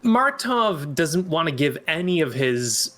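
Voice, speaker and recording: A man's voice: on the high side, sing-song, measured pace, fairly bright tone. A man chatting playfully about his tabletop character, repeating himself in a good-humoured way. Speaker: player. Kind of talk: casual chat about a character.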